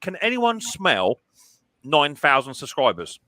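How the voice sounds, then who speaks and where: A man's voice: a little high, huge pitch swings, a little slow, bright, forceful tone, no echo, poor audio. A middle-aged man hosting a casual live stream chat, chatty and often stumbling over repeated words.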